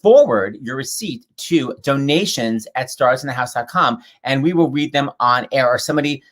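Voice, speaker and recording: Male host, playful and rambling, lively swooping pitch, video call. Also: moderate pace. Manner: joking, rambling, teasing. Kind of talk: casual chat.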